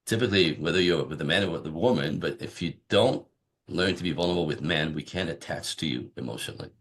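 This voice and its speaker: A relationship coach with a rumbling, low voice talks fast and casually on a podcast interview. He's an animated storyteller who acts out little dialogues from his stories.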